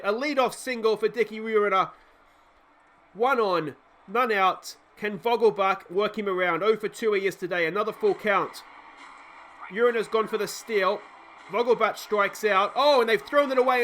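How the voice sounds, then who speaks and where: An Australian man calls his baseball game like a live broadcast, pleading with his players and celebrating loudly. His voice sits high and sounds bright and forward. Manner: emotional play-by-play, shouting at players. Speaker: let's play gamer and commentator. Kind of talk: excitable baseball game commentary.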